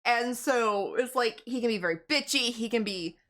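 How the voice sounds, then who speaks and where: A woman's voice: a little high, moderate pace, a bit bright, a little hiss or hum. A young woman streaming a game, chatting casually with a friend and her viewers and laughing often. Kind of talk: casual chat while livestreaming a game.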